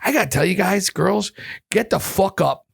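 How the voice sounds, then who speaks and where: A man in his fifties, a chef guest on a casual podcast, telling stories in an excitable, emphatic way with a lot of swearing. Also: high-pitched, moderate pace, gravelly, slightly rough. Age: 50s.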